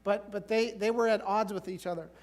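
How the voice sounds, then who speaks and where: A man's voice: sits high, fairly even intonation, brisk. A male pastor preaching a sermon in a casual, conversational way, often checking in with "right?" and "like".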